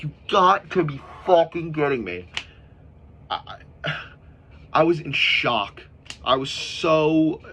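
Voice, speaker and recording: A man's voice: medium pitch, a bit bright, a little hiss or hum. A man giving a casual, frustrated movie review, swearing often and stumbling over restarts. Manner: frustrated, profane, repeats himself, lots of restarts. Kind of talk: casual video review rant.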